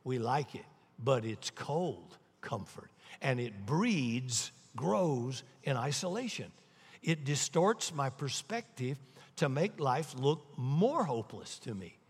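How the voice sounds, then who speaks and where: A man preaching a sermon, emphatic and repeating key lines, swinging between loud stresses and hushed asides. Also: medium pitch, big pitch swings, takes it slowly, husky. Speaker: pastor. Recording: long hall reverb.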